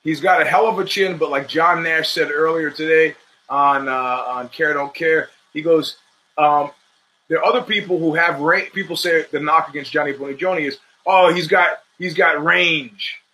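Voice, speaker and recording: A man's voice: on the high side, fairly even intonation, moderate pace, pushed and bright, rough recording. A man hosting his own show, talking through fight predictions in a rambling, opinionated, profane monologue. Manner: rambling, opinionated, restarts mid-sentence; profane, streetwise talk. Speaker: podcast host. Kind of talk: casual sports commentary monologue.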